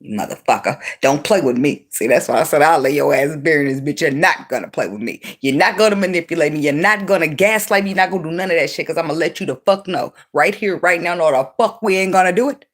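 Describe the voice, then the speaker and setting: A woman's voice: low voice, fast talker, hardly any pauses. Blunt, profane woman reading tarot. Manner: blunt, profane, animated, laughing often. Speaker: tarot reader. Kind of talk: unscripted tarot reading vlog.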